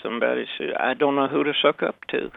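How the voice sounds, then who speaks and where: A man's voice: medium pitch, steady tone, fast, creaky. An older man with a Southern accent, telling rambling stories with chuckles and restarts as a guest. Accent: Southern American. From Memphis, Southern US. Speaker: guest, actor and author. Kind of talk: relaxed anecdotal interview. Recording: dry, tinny phone line.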